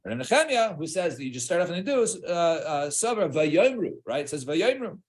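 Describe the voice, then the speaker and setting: A man's voice: a little high, sing-song. A man leading a Talmud study class, restarting often, checking with "right?", and mixing Hebrew and Aramaic terms into English. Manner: halting, many restarts and fillers, checks with "right?".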